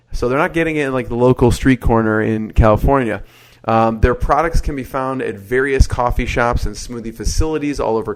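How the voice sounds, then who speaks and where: Male podcast host with a mid-range voice, eager and chatty, asking quick questions in a casual interview. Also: medium pitch.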